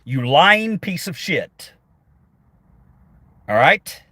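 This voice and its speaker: Very slow and sing-song, with a sharp tone and a slightly high pitch, a middle-aged man reads his stream's chat while driving. He answers in a foul-mouthed, sarcastic, combative rant. There is no room sound.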